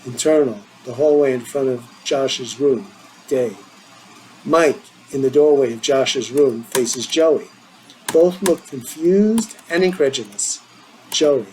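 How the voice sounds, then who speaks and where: A man's voice: mid-range voice, slow, darkish tone, a little hiss or hum, low-quality recording. A man, the writer and host, reading his own screenplay aloud with plain stage directions and friendly direct address.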